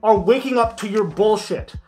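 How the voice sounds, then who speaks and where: A man's voice: high voice, normal speed, a little mellow. A man ranting sarcastically over a video clip, heated, mocking and full of swearing. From Michigan, US. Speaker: commentary YouTuber.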